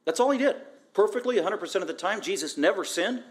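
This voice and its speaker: Emphatic pastor preaching with a higher voice. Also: male voice, fast. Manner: emphatic, animated, with frequent repetition; asks rhetorical questions. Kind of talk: expository sermon.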